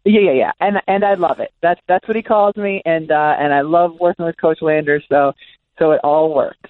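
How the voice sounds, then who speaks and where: A woman basketball analyst talking as a guest in a relaxed, easygoing way. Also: low voice, moderate pace, dry recording. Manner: relaxed, easygoing, repeats words. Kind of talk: casual interview chat. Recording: tinny phone line.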